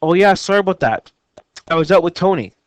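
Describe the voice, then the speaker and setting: A man's voice: high-pitched, animated, a little fast, no echo. A man reading aloud the lines of a defensive, apologetic teenage girl in a novel, in a plain read-aloud delivery.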